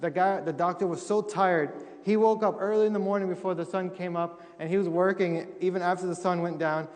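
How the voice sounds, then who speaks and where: A man's voice: sits high, fairly even intonation, a little fast, darkish tone. Young man telling stories in a church hall. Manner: humorous storytelling, acting out quotes. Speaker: missionary speaker. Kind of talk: testimony talk to a congregation. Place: church sanctuary.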